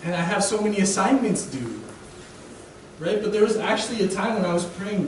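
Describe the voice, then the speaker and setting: Young man, guest preacher, casual sermon, slightly high voice, very echoey hall, distant mic. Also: lively intonation, fairly quick, darkish tone, slight background noise. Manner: casual, keeps asking "right?". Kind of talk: conversational sermon. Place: church sanctuary.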